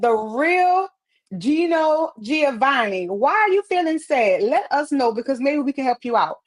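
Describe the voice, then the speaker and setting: Upbeat high-voiced woman live-streaming. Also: sing-song, moderate pace. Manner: upbeat, encouraging, repeats phrases for emphasis. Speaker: live streamer answering viewer comments. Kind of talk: motivational live-stream chat. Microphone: wireless earpiece.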